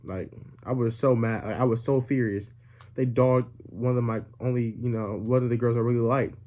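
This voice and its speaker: A young man telling a comedic story to his viewers in a rambling way, full of fillers and deadpan jokes. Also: medium pitch, normal speed. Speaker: vlogger.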